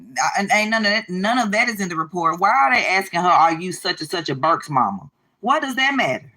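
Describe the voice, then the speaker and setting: A woman's voice: lowish voice, very animated, fairly quick, pushed and bright. A woman hosting a livestream, reacting to a video with indignant, questioning commentary. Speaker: livestream host.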